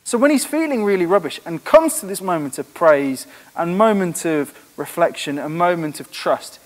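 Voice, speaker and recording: Guy giving a church talk, really lively and up and down, big echoey hall. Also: high-pitched. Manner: earnest, animated, frank. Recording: echoey room with long reverb.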